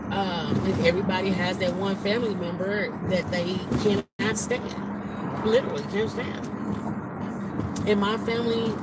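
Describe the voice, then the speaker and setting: A low-voiced woman speaks into her phone from inside a moving car, with loud engine and road noise under her voice. She rambles bluntly and swears hard, upset and holding back tears. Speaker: live streamer. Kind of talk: emotional live-stream monologue.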